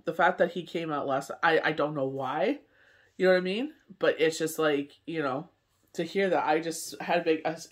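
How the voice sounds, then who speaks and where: Canadian male medium, rambling casual talker, slightly high pitch. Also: a bit bright. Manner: rambling, full of "you know what I mean". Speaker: tarot reader and medium. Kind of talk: casual chat to camera.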